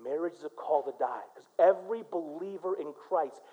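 A male pastor from Michigan preaching a sermon, swinging between loud, punchy lines and quiet storytelling. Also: on the high side, normal speed, highs cut off.

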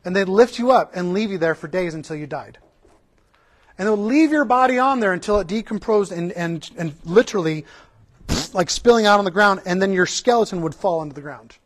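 High-voiced man preaching with fervor. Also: expressive, a little fast. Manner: passionate preaching with rhetorical questions; earnest, conversational asides with restarts. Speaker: pastor. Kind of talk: sermon.

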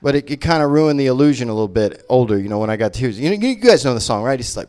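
A man's voice: mid-range voice, animated, a little mellow, smooth. Rambling male comedian. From Memphis, Tennessee. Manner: rambling, self-deprecating, quick asides. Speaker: stand-up comic. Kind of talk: stand-up set. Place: comic book shop venue.

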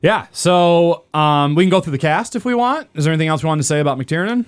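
A man's voice: fairly high pitch, fast, clear, resonant tone, no echo. A man co-hosting a podcast in casual chat, rambling with fillers and restarts. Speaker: podcast co-host.

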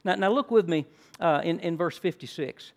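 An older man preaching a sermon, teaching in a friendly way and rising to loud, emphatic stresses. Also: fairly high pitch, moderate pace. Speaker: pastor.

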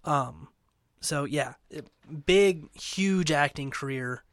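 A man co-hosting a podcast, explaining things in a relaxed, halting way full of fillers. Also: fairly high pitch, dry recording, clean studio sound. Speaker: podcast co-host. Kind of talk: casual podcast chat.

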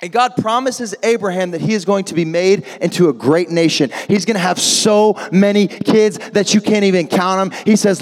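Energetic preacher, male, high voice, call-and-response, echoey hall. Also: moderate pace, hardly any pauses. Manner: energetic, rising to shouts, jokey asides. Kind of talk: lively sermon with call-and-response. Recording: long echo of a large hall.

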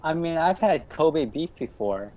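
A man chatting casually, relaxed and chiming in with a personal anecdote. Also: on the high side, unhurried. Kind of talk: casual chat. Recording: dull lo-fi mic with faint noise.

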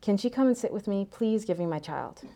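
A woman's voice: mid-range voice, expressive, fairly quick, dark tone, lightly acted. A woman voicing a terrified mother who pleads for her children in a shaky voice. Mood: pleading.

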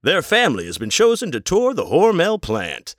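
A man's voice: fairly high pitch, wildly swooping pitch, moderate pace, fairly bright tone, no room sound, studio quality, voice pushed up. A man mimicking the upbeat narrator of an old black-and-white factory tour film. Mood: announcing.

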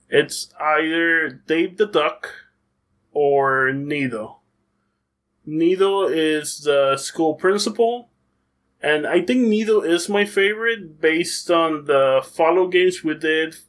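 A man's voice: fairly high pitch, fairly bright tone. A man who runs a tabletop game, chatting in an interview in an enthusiastic, rambling way and correcting himself as he goes. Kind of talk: casual interview chat.

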